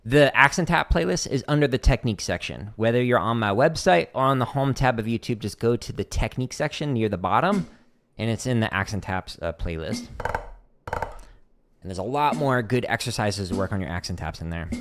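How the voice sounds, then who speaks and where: A man hosting a casual drum practice livestream, talking viewers through exercises at an easy pace. His voice sits in a middle pitch, and he fills his explanations with "um" and "like" as he goes. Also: a little fast, noisy background. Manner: relaxed, explanatory, many fillers like "um" and "like". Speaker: drum teacher answering chat questions.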